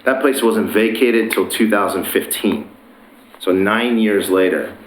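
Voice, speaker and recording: A man's voice: lowish voice, a little slow, roomy sound, a little hiss or hum, poor audio. A man presenting his plans for a property at a city meeting, earnest and persuasive with some hesitations. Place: council chamber.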